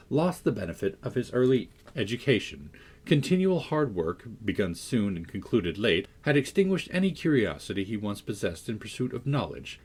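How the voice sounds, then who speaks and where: A man narrating a classic novel as an audiobook, in measured, expressive storytelling with a husky voice. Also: mid-range voice.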